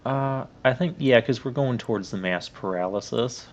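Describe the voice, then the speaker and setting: A man hosting a let's play, giving casual, rambling commentary with drawn-out asides. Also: medium pitch. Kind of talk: gameplay commentary.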